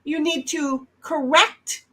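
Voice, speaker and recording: A high-pitched woman chatting on a casual home livestream. She is blunt and brash, swears freely, and now and then bursts out loud to make a point. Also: fairly even intonation, slow pace. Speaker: livestream co-host. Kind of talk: casual chat.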